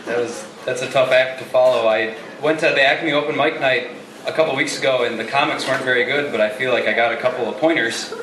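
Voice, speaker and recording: A man doing a hesitant, halting stand-up routine at an open mic. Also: medium pitch, far from the mic. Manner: hesitant, halting, restarts often. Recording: echoey room, mic from afar, noisy.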